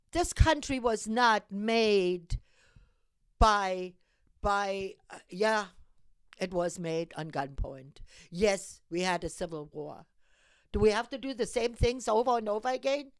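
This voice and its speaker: A European woman hosts her own civic call-to-action show, delivering an impassioned monologue straight to camera that urges listeners to get engaged. Her mid-range voice is clear and resonant, recorded dry. She sounds urgent and exhorting, leaning on emphatic repetitions.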